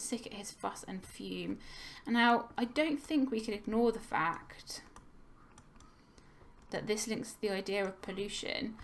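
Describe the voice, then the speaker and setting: A woman's voice: mid-range voice, a little hiss or hum. A young woman teacher talking through a poem for students in a recorded lesson, patient and explanatory, thinking aloud with the odd filler. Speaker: English teacher. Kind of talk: recorded lesson on poetry analysis.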